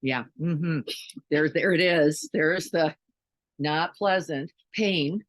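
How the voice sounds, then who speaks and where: A woman's voice: deep voice, slow pace, dry recording, poor audio. A woman giving a conversational dharma talk as a meditation teacher, often checking in with listeners with questions and "right?". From Chicago, United States.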